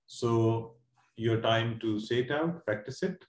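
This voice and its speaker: A man's voice: medium pitch, darkish tone. Man teaching an online lesson, echoey. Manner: explains slowly with many repeats and quiz questions. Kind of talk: online Quran word lesson. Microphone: video call.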